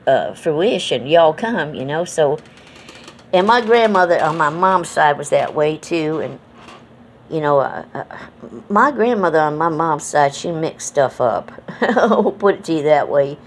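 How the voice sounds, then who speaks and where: A woman's voice: low voice, lively intonation, measured pace, slight background noise. A middle-aged woman from New England with an accent mixing Southern and Northern American, rambling in a folksy, casual way with many fillers. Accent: mixed Southern and New England American. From New England, United States. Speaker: vlogger. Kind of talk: casual reminiscing monologue.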